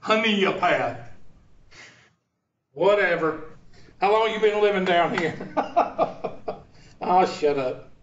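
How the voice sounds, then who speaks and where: Speaking slowly and pausing often, a high-pitched man with lively intonation teaches fractions, teasing in a folksy way and throwing joking asides at his audience. He's a math teacher with a Southern accent from Upstate South Carolina, USA, giving an informal lesson with banter. Faint noise and echo fill the dull lo-fi recording, made from a distance.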